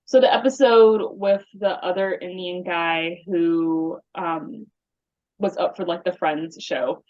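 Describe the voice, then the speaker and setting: A woman's voice: fairly low pitch, slow, a little mellow. A woman hosting a podcast in casual conversation, chatty and encouraging. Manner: chatty, encouraging, frequent backchannels. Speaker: podcast host. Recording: dull lo-fi recording.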